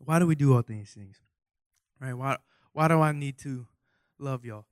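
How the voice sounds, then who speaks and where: A man's voice: medium pitch, normal speed, no room sound. Young guy preaching, goofy and rambly, asks the crowd lots of questions, dry close sound. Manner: goofy, self-mocking, rambling with asides; rhetorical questions to the audience. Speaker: youth preacher. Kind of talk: casual joking sermon.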